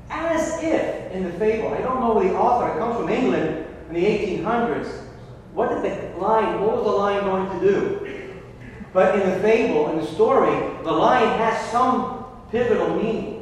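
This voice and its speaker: A man preaching a homily as a Catholic priest, telling a story with restarts and slowing down for emphasis. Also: high-pitched, expressive, a little hiss or hum. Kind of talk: sermon. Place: church. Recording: echoey church from far off.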